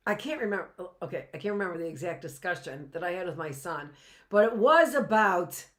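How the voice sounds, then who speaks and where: A woman's voice: on the low side, expressive, a little fast. A middle-aged woman teaching a live online class in a chatty way, often checking in with "right?" and rhetorical questions.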